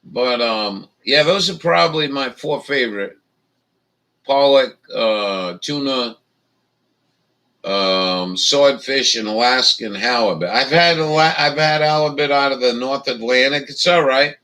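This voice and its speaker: A man's voice: mid-range voice, measured pace, pushed and bright, distant mic, rough recording. A man hosting a casual chat, rambling and swearing a lot, with many fillers. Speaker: livestream host.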